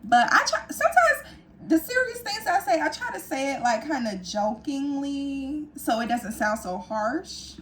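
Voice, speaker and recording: Blunt woman cohost, kinda high voice, little hiss in the background. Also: very animated, moderate pace, fairly bright tone. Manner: blunt, talks about herself with some hesitation. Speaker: podcast co-host. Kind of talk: casual chat.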